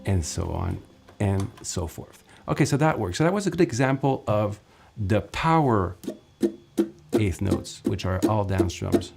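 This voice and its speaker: A man's voice: on the low side, lively intonation, a little slow, vocal fry, husky, faint music behind. A man teaching ukulele in a casual lesson, counting beats aloud while he strums and chatting between takes. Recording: ukulele playing loudly under the voice.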